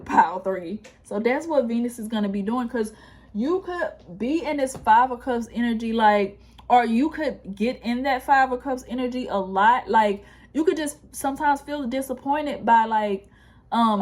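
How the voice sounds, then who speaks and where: A woman with a fairly high voice talks through a pick-a-card tarot reading. Her delivery is chatty and reassuring, full of "like" and self-corrections, as she hypes the listener up. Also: a little mellow. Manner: chatty and encouraging, heavy on "like" and restarts. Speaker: tarot reader.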